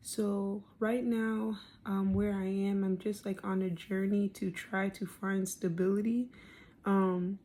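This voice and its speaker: A woman's voice: medium pitch, level tone, slow pace, dark tone, slight background noise. A woman in her thirties, heavily pregnant and out of breath, talking candidly into a phone camera for a video diary, rambling with many ums. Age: 30s. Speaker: vlogger. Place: parked car, then at home.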